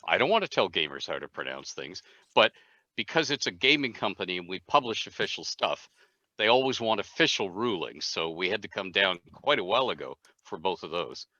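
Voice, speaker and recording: An older man from Canada, a guest game designer telling stories in an animated way on a casual panel chat. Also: deep voice, fairly quick, no room sound. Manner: animated storyteller, leans into words. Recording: dry, dull lo-fi call audio.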